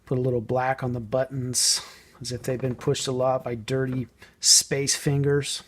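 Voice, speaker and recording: A man casually explaining a painting technique as he works, thinking aloud and sometimes trailing off softly. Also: mid-range voice, flat delivery, moderate pace, slightly rough. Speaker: model painting tutor. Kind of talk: casual hands-on painting tutorial.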